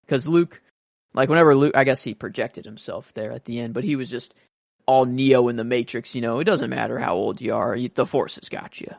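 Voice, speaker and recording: A man co-hosts a podcast and chats in a loose, rambling way, often restarting his sentences. His voice sits at an ordinary middle pitch. It is recorded close and dry, with no room sound around it. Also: a little fast, creaky, a little mellow, no room sound. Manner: rambling, many restarts and fillers. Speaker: podcast co-host. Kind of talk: casual chat.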